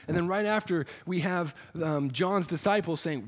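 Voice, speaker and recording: A male preacher retells a story in an earnest sermon. He restarts his phrases often, and his voice is a little high for a man. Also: brisk, few pauses. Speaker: pastor.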